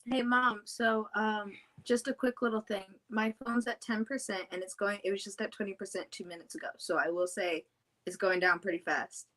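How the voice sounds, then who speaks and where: A young woman, the host's daughter, chatting casually and telling animated, mocking family stories. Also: mid-range voice, normal speed, rough recording. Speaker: daughter of the host, co-guest. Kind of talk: casual storytelling chat.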